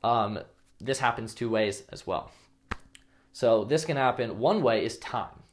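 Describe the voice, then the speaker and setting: A man's voice: mid-range voice, animated, a little slow, slight background noise. Blunt man giving dating advice. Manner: blunt, swears casually, acts out example lines. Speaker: dating coach. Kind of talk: casual advice vlog.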